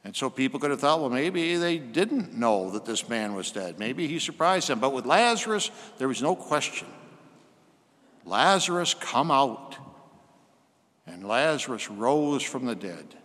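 A man preaching a sermon, slowing and softening his voice when he quotes scripture. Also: mid-range voice, big pitch swings, long reverb tail.

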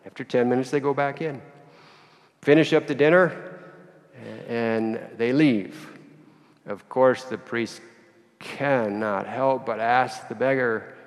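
Gravelly male preacher, animated storyteller, long church reverb. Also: medium pitch, takes it slowly, pauses often. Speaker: priest. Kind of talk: sermon storytelling.

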